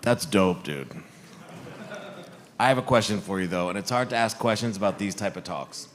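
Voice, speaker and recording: Low-voiced casual male questioner, a little background noise. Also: normal speed. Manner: laid-back, says dude. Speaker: audience questioner. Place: conference hall.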